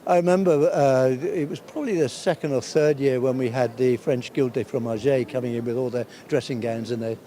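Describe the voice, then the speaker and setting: A man's voice: mid-range voice, fairly even intonation, brisk, hardly any pauses, mellow. An older man in a casual interview, telling rambling stories about the early years, chuckling as he goes. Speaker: awards founder interviewed. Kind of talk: anecdotal interview chat.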